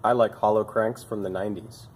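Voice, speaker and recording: A young bike shop mechanic who hosts videos talks casually about old bike parts in a fairly low, darkish voice at a moderate pace. He sounds tired, and his humor is dry and self-mocking in this show-and-tell talk.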